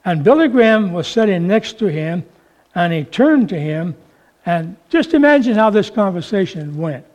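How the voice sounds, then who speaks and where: A man preaching a sermon, with slow, emphatic, drawn-out phrasing. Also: sits high, sing-song, a little mellow, muffled recording.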